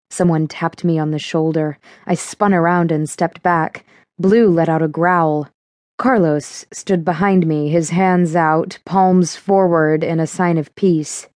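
Slow, measured woman narrating an audiobook. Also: low voice, fairly even intonation, a little mellow, no echo, clean studio sound. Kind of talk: scripted first-person audiobook narration.

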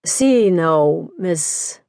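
A woman voicing a skeptical male Scottish detective chief with a blunt, measured, dismissive manner in an audiobook. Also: lowish voice, animated, gravelly, darkish tone, dry recording, clean studio sound, voice pushed down, full character voice.

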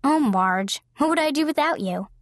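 A woman's voice: sits high, lively intonation, normal speed, no echo, pitched above the performer's own voice. A woman reading the lines of a young woman just out of college, with dry, polite humor. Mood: wry. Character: wry young woman, new college graduate.

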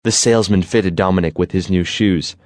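A man narrating a children's audiobook in an expressive storytelling manner. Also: deep voice, brisk.

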